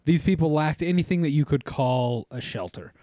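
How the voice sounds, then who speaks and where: A man's voice: a little high, lively intonation, moderate pace, dark tone, no room sound. A man hosting a casual podcast, telling history with jokes, swearing and frequent laughter. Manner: joking, swears, laughs often. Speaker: podcast host.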